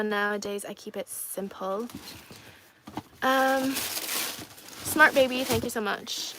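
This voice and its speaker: Young woman from China, casual livestream host; playful and chatty, a fairly high voice. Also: a bit bright, slight background noise. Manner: chatty and playful, laughs often, repeats herself. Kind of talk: casual livestream chat reading comments.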